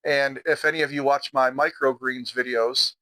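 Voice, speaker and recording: A man's voice: mid-range voice, fairly even intonation, moderate pace, sharp tone, poor audio. A middle-aged man with a Midwestern American accent, chatting casually on his home vlog while he eats dinner and sometimes talks with his mouth full. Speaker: outdoor vlogger.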